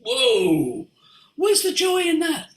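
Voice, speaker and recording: An older man, a voice coach, tells stories in an expressive way, moving between hushed asides and sudden exclamations. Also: high-pitched, measured pace. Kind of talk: animated storytelling. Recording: roomy echo.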